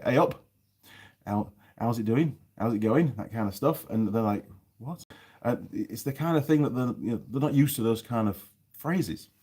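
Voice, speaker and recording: A man with a softened Yorkshire accent, hosting a casual live stream from a cold workshop, chatting and reading out viewer comments. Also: on the low side, slightly rough. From North Yorkshire, England. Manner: chatty, rambling, reads viewer comments aloud.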